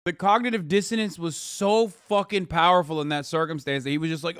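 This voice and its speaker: A man's voice: fairly high pitch, fairly even intonation, a little fast, a bit bright, clean tone, no room sound, studio quality. Blunt, profane male streamer. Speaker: streamer reacting to a clip. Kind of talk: casual heated commentary.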